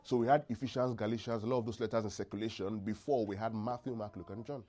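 A man preaching a sermon, often quizzing the congregation and pausing for them to fill in the words of a verse. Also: on the low side, fairly even intonation, dark tone. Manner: call-and-response, asks congregation to finish verses; checks in often with the listeners.

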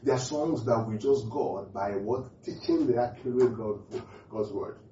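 A man preaching a sermon, asking the congregation questions and driving points home by repeating phrases. His voice is dark and mellow. It is picked up from a distance in a roomy, echoey hall on a muffled recording. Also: medium pitch, unhurried, slight background noise. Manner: call-and-response questions to the congregation; repeats key phrases emphatically. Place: church hall.

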